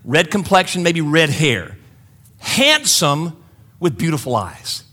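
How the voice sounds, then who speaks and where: Animated bright-voiced male preacher. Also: fairly high pitch, takes it slowly. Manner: animated, joking asides to the congregation. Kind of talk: sermon storytelling.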